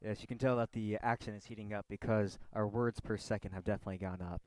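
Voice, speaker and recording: Young male sidekick commentator, lowish voice, quick deadpan quips, close dry sound. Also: no echo. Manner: dry, wisecracking asides. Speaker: student color commentator. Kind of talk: amateur sports commentary.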